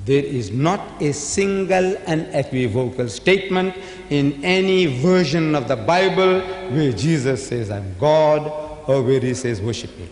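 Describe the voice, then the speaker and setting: A man giving a public debate speech in a lively, preacher-like way. He sometimes acts out the voices of the people he quotes. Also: a little high, a little slow. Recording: echoey hall with long reverb.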